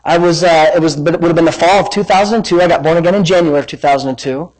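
A man preaching a sermon as pastor, reading scripture with lively emphasis and wandering into personal asides. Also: on the high side, racing, rough recording. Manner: animated, dramatic scripture reading with rising emphasis; rambling asides and self-corrections.

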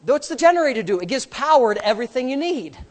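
A man preaching a sermon as pastor, repeating phrases in a rhythm, calling for amens, and swinging between hushed asides and loud outbursts. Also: very high voice, sing-song, fast. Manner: repetitive, rhythmic phrasing with calls for amen.

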